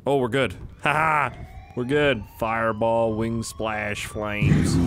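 A young man giving excitable, swearing commentary while playing a video game, yelping when things go wrong. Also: mid-range voice, slow pace, loud music behind the voice. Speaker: gaming YouTuber. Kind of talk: let's play commentary.

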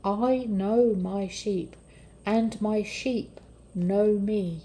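A woman voicing a gentle, wise teacher in a children's story reading, soft and calm. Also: medium pitch, extremely slow. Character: gentle wise shepherd-teacher, adult man.

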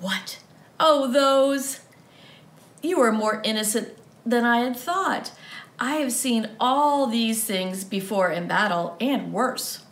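A woman's voice: fairly high pitch, slow pace, a bit bright, roomy sound. A woman playing a proud, commanding male knight in a children's storybook reading. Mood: dismissive. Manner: dismissive, commanding.

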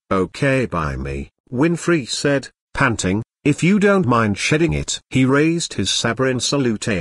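Computer-voiced male audiobook narrator; husky, very dry. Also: mid-range voice, a bit bright, no echo. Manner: synthetic text-to-speech reading. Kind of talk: scripted narration.

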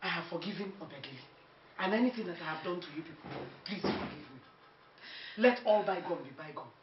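An actress with a Nigerian accent playing an older Igbo mother-in-law, emotional, swinging from hushed to shouting, recorded from a distance in an echoey space. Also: fairly low pitch, expressive, brisk, lo-fi sound, heavy background noise, close to an everyday voice. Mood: overjoyed. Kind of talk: film acting.

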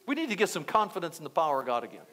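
A male pastor preaching a sermon, telling a story with lively acted-out quotes. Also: fairly high pitch, racing, a little hiss or hum. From United States. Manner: animated storytelling, acting out quotes.

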